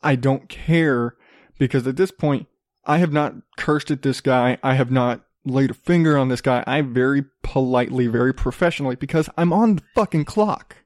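A man's voice: medium pitch, moderate pace, a little mellow, no echo, studio quality. A young man hosting his own show, telling a profane, ranting story and acting out both sides of an argument. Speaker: podcast host.

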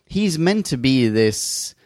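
A man's voice: mid-range voice, very animated, slow pace, a little mellow, no room sound, studio quality. A man co-hosting a casual review podcast from England, articulate and wordy, often laughing at himself. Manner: articulate, wordy, self-deprecating. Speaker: podcast co-host.

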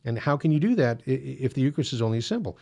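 Man, gravelly voice, middle pitch, conversational church-teaching talk, fillers. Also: very animated, racing, a little mellow. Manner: conversational, frequent fillers and restarts. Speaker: Catholic apologetics host. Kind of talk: casual explanatory monologue.

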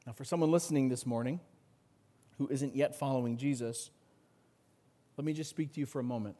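A man preaching an earnest sermon as pastor, rising in intensity and then dropping low. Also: fairly quick, dark tone.

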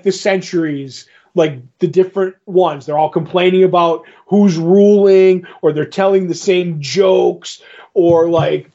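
High-voiced man retelling a comic. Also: darkish tone, lo-fi sound. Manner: retells scenes with quick voiced quotes. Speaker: podcast co-host. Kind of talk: casual chat recapping a comic.

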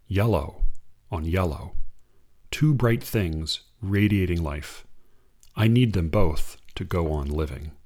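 Low-voiced man commenting on poetry. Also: gravelly, a little mellow, slightly rough. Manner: measured, hesitant, restarts often. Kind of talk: reading quotes and commentary.

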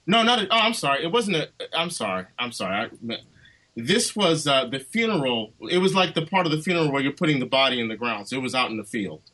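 Chatty guy on a podcast, bright voice, goes up and down a lot. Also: mid-range voice, sing-song, quick pace, poor audio. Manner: talkative, retelling a film at length. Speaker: co-host. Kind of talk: casual podcast chat.

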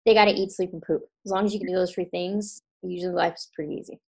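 A woman's voice: lowish voice, fairly even intonation, fast, vocal fry, breathy edge. A woman, a chiropractor guest on a podcast, talking casually with lots of fillers and restarts. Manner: warm, chatty, many restarts and fillers.

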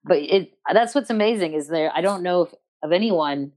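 A woman hosting a podcast interview, thinking aloud and speaking haltingly as she frames a question. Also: lowish voice, lively intonation, darkish tone. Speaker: podcast host. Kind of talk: interview conversation.

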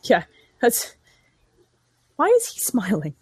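A woman's voice: a little high, huge pitch swings, slow pace, darkish tone, breathy edge, no echo. A woman making sarcastic, profane running commentary on a film with a friend. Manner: sarcastic, swearing, mocking the film. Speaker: movie riff co-host. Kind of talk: casual movie commentary.

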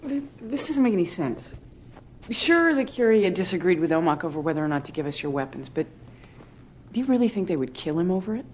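Questioning female officer, low-ish voice, earnest. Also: very animated, fairly quick, a little mellow, slight background noise. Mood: doubtful.

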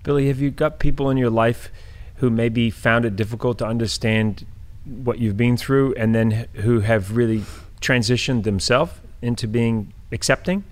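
Halting, stammering male interviewer. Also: mid-range voice, fairly even intonation. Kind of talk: interview questions.

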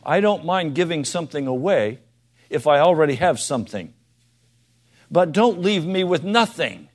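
A man preaching a sermon, asking his listeners direct questions and moving between soft, quiet asides and loud, emphatic appeals. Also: fairly high pitch, lively intonation, normal speed.

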